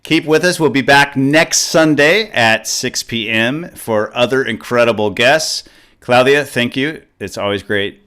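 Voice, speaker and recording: A man hosts a community news show in an upbeat, joking manner. His tone is bright and forceful, at a middle pitch. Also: a little slow, clear, resonant tone. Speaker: show host. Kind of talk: talk show hosting.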